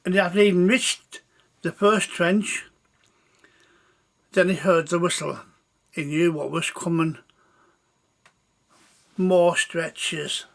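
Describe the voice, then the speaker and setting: A man telling a war story in a slow, halting way. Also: sits high, fairly even intonation, creaky.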